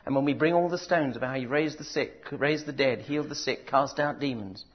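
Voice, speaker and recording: A man's voice: medium pitch, breathy edge. Dull-sounding emphatic preacher man. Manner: swings from loud emphatic declaring to soft drawn-out words. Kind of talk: sermon.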